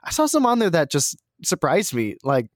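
A man's voice: a little high, huge pitch swings, moderate pace, dry recording, studio quality. A man co-hosting a podcast in casual chat, easygoing and hesitant, on a desktop microphone. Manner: easygoing, hesitant, many fillers. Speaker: podcast co-host. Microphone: new desktop USB microphone.

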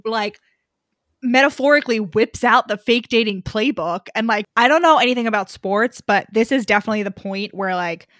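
A woman co-hosting a casual book recap podcast, animated and swearing, with mock-indignant asides. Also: on the high side, moderate pace, no room sound, studio quality. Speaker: podcast co-host.

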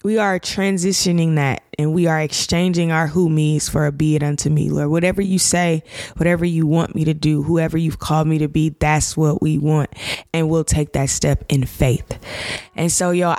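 A woman's voice: low voice, fairly even intonation, moderate pace, darkish tone, no echo, soft background music. Heartfelt woman podcast host, casual slang. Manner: casual and heartfelt, slang-filled, gets emotional. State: tearful. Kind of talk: faith podcast monologue.

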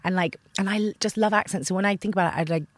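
Brief: woman actor, rapid casual chat, dry close sound. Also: medium pitch, no room sound. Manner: chatty, many fillers like "like".

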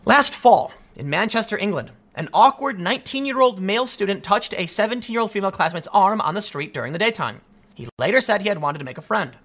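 A man's voice: high voice, expressive, fast talker, fairly bright tone. A man ranting through an opinion monologue as a commentary host, exasperated and full of rhetorical questions. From United States.

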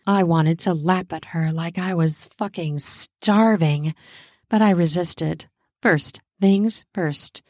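A woman narrating an adult audio story in a slow, intimate reading. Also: on the low side, darkish tone, no echo, clean studio sound.

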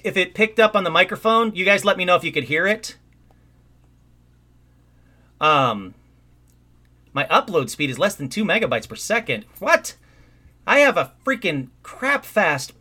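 An excitable man hosts a call-in livestream from his home. His voice sits a little high and bright, and it swings widely in pitch as he rambles and breaks into sudden outbursts. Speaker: host of a call-in livestream show. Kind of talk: casual live-stream chat.

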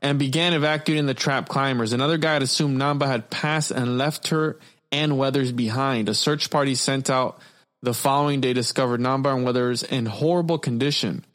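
A man's voice: medium pitch, steady tone, brisk, a bit bright. A young man hosting a casual podcast, reading stories aloud, swearing freely and stumbling over words. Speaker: podcast host.

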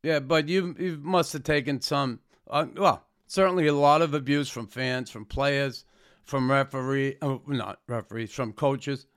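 A man's voice: mid-range voice, unhurried, a bit bright. A man co-hosting a podcast, asking questions in blunt, joking casual chat. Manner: blunt and joking, with frequent fillers. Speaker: podcast co-host.

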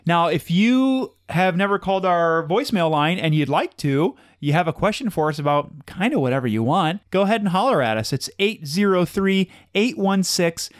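Low, lively woman co-host, dry sound. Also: moderate pace, hardly any pauses, no echo. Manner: animated, jokey. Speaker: podcast co-host. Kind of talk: casual chat.

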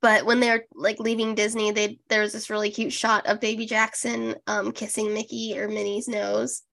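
A woman's voice: medium pitch, level tone, moderate pace, gravelly, a bit bright. A young woman co-hosting a podcast in casual chat, wry and sarcastic, swearing casually. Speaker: podcast co-host.

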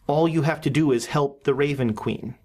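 A game master narrating a horror tabletop game, often pausing and restarting sentences. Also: medium pitch, darkish tone. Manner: halting, with many restarts and fillers.

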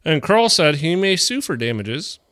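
Lively jokey man reading news stories. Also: fairly high pitch, moderate pace. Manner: crude, jokey, reads out news items. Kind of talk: casual comedy podcast chat.

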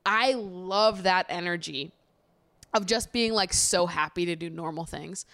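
A woman's voice: fairly low pitch, measured pace, a bit bright, dry recording. A young American woman hosting a casual podcast, chatty and giggly, swearing casually as she talks. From United States. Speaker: podcast host. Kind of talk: casual chat.

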